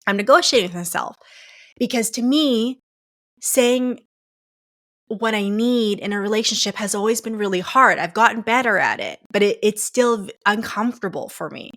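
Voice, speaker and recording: A woman hosts a coaching podcast solo, speaking casually and directly to listeners, whom she calls "guys," and using lots of "like" and "you know." Her medium-pitched voice is animated and fairly bright, at a normal pace.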